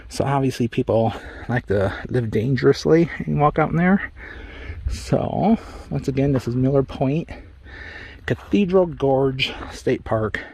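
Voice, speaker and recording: A man's voice: medium pitch, creaky, mellow, slightly rough, dry recording. A man on a desert trail, chatting casually for a hiking vlog with rambling, self-deprecating asides, a little out of breath. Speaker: travel vlogger.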